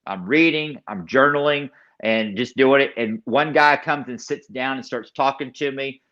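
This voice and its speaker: Male guest, mid-pitched, giving a personal testimony with emphatic repetition. Muffled, low-fidelity recording. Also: moderate pace, bright, forceful tone. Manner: emphatic storyteller, repeats key phrases; acts out other people's lines in the story. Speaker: podcast guest.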